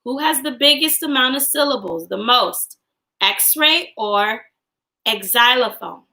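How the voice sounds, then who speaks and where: A young woman teacher leads a class online in a cheerful sing-song voice. She draws her words out slowly and chants along with the children. Her tone is bright, with a gravelly edge. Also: sits high, expressive, low-quality recording. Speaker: kindergarten teacher. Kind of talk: online class livestream, singing and chanting phonics.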